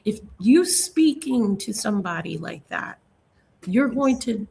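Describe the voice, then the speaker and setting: A woman's voice: mid-range voice, expressive, measured pace, gravelly, darkish tone, husky. A woman speaking earnestly and emphatically in a live online panel chat. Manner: earnest, emphatic, spiritual talk.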